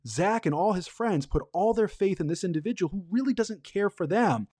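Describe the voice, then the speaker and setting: A man's voice: high voice, animated, moderate pace, warm tone, slight background noise. A man in his forties hosting a podcast, recapping a TV episode with enthusiasm and acting out quoted lines. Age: 40s. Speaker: podcast host.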